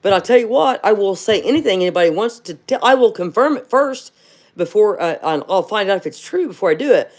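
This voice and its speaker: A woman's voice: mid-range voice, animated, a little fast, darkish tone. Chatty woman on a livestream. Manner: chatty, rambling, calls viewers honey; fired-up, rhetorical questions. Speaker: livestream host. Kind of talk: casual livestream talk.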